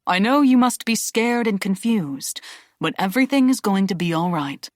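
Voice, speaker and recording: A woman reading an audiobook, voicing a calm, level and gentle male master who reassures frightened refugees. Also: on the low side, normal speed, no room sound, studio quality, close to an everyday voice. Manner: calm, level, non-confrontational.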